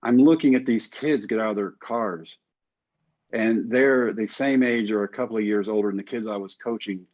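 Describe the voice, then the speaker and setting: A man's voice: lowish voice, normal speed, darkish tone. Wry man telling a story, dull audio. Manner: wry, self-mocking storyteller acting out dialogue. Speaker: guest. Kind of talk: storytelling in a casual interview.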